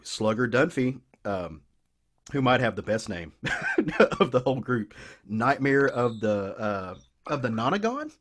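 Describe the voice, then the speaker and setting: A man with a Southern US accent on a podcast, eagerly retelling a comic book story in a rambling, casual way full of restarts. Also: lowish voice. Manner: enthusiastic, rambling, many restarts. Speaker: podcast co-host.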